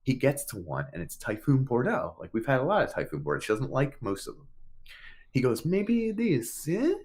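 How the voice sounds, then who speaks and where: A man's voice: medium pitch, brisk. A man co-hosting a podcast, telling a long story in casual chat, acting out what people said and swearing freely. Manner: animated, swears casually, acts out quotes. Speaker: podcast co-host.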